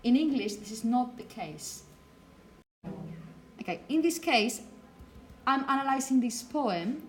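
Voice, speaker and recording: Her slightly high voice is animated and moderately paced, with a little hiss or hum behind it. She's a teacher from Spain whose first language is Spanish, accent included, lecturing on phonetics in class in an explanatory way and often asking "okay?" to check in.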